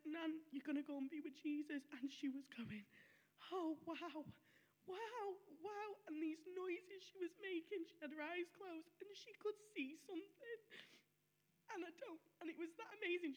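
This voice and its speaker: A woman's voice: high voice, a little mellow. A woman giving a chatty, heartfelt personal testimony in church, with many fillers.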